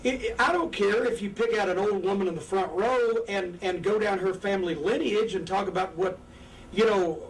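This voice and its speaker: This is an older male ex-pro wrestler guest telling candid stories in an interview while seated on a couch indoors. He's high-voiced, animated and profane, playing out the voices of crowds and wrestlers. Faint room noise comes through a far-off mic.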